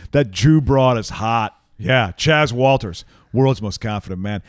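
A man's voice: mid-range voice, expressive, no echo, clean studio sound, natural voice. A man doing a smug blowhard comic. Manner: slow, self-satisfied boasting. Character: smug blowhard male stand-up character, arrogant.

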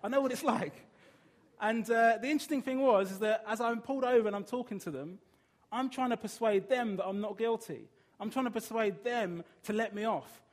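A man's voice: high-pitched, a little fast. A man preaching a sermon in an earnest, emphatic way, putting rhetorical questions to his listeners.

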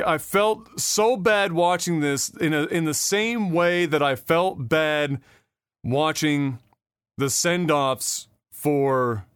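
A man's voice: fairly high pitch, fairly bright tone, smooth, dry recording, clean studio sound. A man co-hosting a podcast, in casual chat, rambling and profane, with lots of fillers and restarts. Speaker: podcast co-host.

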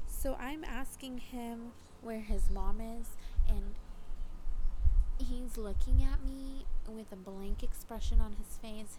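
A young woman hosting a podcast, retelling a personal story in casual, animated chat full of fillers. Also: mid-range voice, noisy background. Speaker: podcast host.

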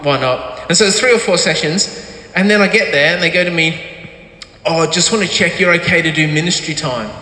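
Male pastor, high and bright, animated sermon storytelling, echoey hall. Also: slight background noise. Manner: animated storytelling, acting out quotes.

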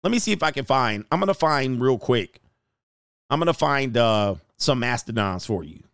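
Gravelly animated man riffing casually. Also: mid-range voice, normal speed, dry recording, clean studio sound. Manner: loud animated exclamations, slangy riffing. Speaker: YouTube commentator. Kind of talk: casual reaction commentary.

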